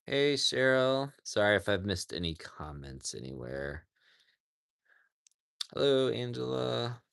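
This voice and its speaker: A man hosting a casual livestream from a farm animal sanctuary outdoors, rambling with lots of "like" and talking softly to the animals beside him. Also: mid-range voice, very animated, slow pace, gravelly, smooth, no room sound, studio quality. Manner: rambling, says "like" often, talks softly to animals.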